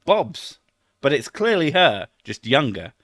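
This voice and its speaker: A man's voice: mid-range voice, animated, a little slow, fairly bright tone, no echo, studio quality. A middle-aged British man chatting casually on a live stream, rambling, swearing a lot and laughing at his own jokes.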